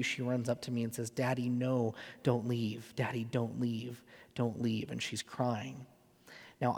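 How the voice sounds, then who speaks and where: A man's voice: mid-range voice, darkish tone. A man in his thirties preaching a sermon as a pastor, earnest and conversational with frequent fillers. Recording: long reverb of a large hall.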